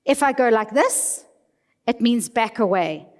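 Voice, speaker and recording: A woman's voice: fairly high pitch, expressive, a little slow. A woman putting on the voice of a male game ranger giving firm orders to a group. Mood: instructing. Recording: reverberant hall.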